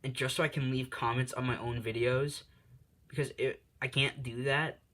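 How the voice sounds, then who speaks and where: A man's voice: medium pitch, steady tone, normal speed, fairly bright tone. A man hosting his channel, improvising a fan story in a rambling, self-deprecating way with lots of fillers.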